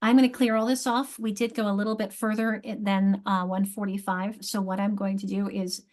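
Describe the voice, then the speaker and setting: A woman instructor teaching other teachers, thinking aloud and sounding out words slowly, repeating each one. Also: medium pitch, little pitch movement, darkish tone. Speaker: literacy instructor.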